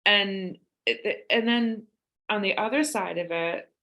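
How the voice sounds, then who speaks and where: In a medium-pitched, sharp voice with the highs cut off, a forties-aged woman author speaks at a measured pace on a casual podcast. She's candid about her family, voicing each quoted line as she tells her stories.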